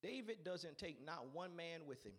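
A man's voice: on the high side, animated, normal speed, a bit bright. A man preaching a sermon in an emphatic, repetitive way, urging his listeners on.

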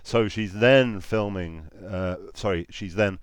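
A man with a very low voice, co-hosting a laid-back chat. He is dry and wry and sometimes stumbles over his first words. The sound is close and dry. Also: slow, smooth, no room sound. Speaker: podcast co-host. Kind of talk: casual chat.

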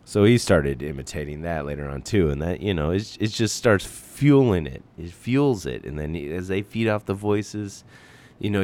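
Man, podcast host, very deep, lively pitch, casual rambling chat. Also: moderate pace. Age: adult parent. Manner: rambling, casual, swears lightly.

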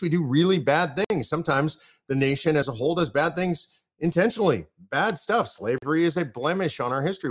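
A man from the United States hosting a political podcast, emphatic and fired up, driving his points home in runs of repeated phrases. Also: mid-range voice. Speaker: podcast host.

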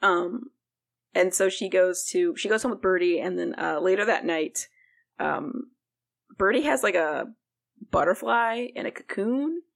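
A woman's voice: lowish voice, a little slow, gravelly. A woman co-hosting a podcast, recapping a TV show in casual chat, rambling with lots of "like" and "um". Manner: rambling, full of "like" and "um" fillers. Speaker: podcast co-host.

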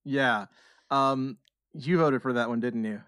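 Woman, podcast host, very deep voice, wry, casual swearing, dry. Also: measured pace, fairly bright tone, no echo. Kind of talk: casual chat.

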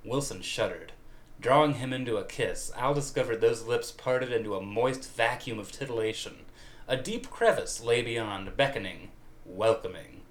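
A man giving a comedic reading of fan fiction aloud in a mock-dramatic, deadpan way. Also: medium pitch, moderate pace, roomy sound. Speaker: reader.

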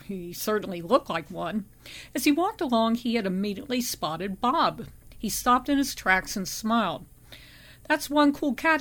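A woman narrating a first-person memoir audiobook in a steady, measured reading voice. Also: mid-range voice.

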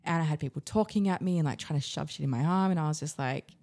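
A woman's voice: low voice, fast, darkish tone. An Australian woman speaking as a podcast guest, frankly recounting her story with frequent fillers and casual swearing. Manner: frank, rambling, swears freely, many "like" fillers. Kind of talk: candid personal storytelling.

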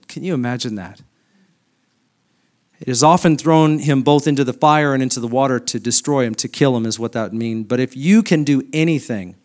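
A middle-aged man preaching a sermon as pastor, moving from quiet, reflective scripture reading to loud, high-pitched, impassioned appeals.

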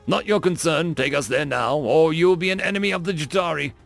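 A man's voice: a little high, a little fast, creaky, faint music behind, pitched above the performer's own voice. A man voicing a brutish, hot-tempered three-eyed alien general with a bullying, snarling manner in a storybook reading. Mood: haughty.

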